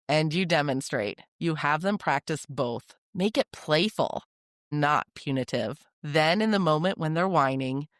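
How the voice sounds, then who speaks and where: A podcast host giving calm, direct, scripted parenting advice in an instructive way. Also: mid-range voice, a little slow, no echo, clean studio sound.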